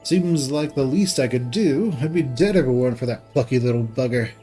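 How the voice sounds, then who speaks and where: A gruff, rough-spoken breeder of mounts from a fantasy game, as a man puts him on. He rambles in a folksy way through a clumsy Eastern European accent, voice sitting at an ordinary middle pitch. Faint music plays underneath. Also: brisk, warm tone, lightly acted. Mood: earnest. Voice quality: put-on Eastern European accent, admitted as bad.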